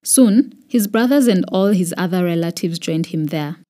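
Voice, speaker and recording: Kenyan woman, audio Bible narrator, measured and expressive, warm mellow tone. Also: on the low side. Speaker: Bible reader. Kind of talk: scripted scripture narration.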